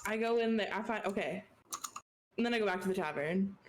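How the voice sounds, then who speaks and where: A woman's voice: medium pitch, a little fast, poor audio. Hesitant woman player, faint hiss. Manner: earnest, hesitant. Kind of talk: casual chat.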